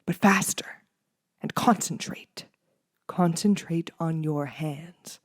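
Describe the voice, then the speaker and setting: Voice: medium pitch, sing-song, slow, no echo, clean studio sound, exaggerated voice. A reader voicing Doctor Shriek, frenzied piano teacher. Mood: hushed stern. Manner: commanding, rising to frenzied shouting. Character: stern, excitable male piano teacher. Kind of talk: audiobook reading.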